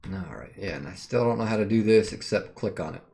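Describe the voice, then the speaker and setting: Low-voiced man muttering through a game. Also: lively intonation, a little fast, vocal fry, a little mellow. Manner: thinks aloud while puzzling over the game. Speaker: game streamer. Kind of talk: casual let's-play commentary.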